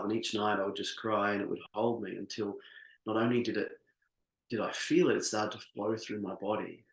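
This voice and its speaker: A middle-aged man coaching a live workshop, earnest and heartfelt, who often stops and restarts his sentences. His voice sits fairly low. The room has a noticeable echo. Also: creaky, fairly bright tone. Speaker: business coach. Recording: echoey room.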